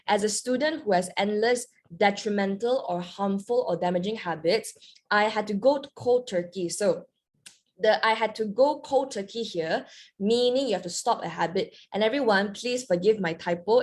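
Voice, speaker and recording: A woman's voice: mid-range voice, normal speed. Young woman tutor, chatty, mixes in Mandarin, online lesson. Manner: switches between English and Mandarin, chatty and lively. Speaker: English teacher.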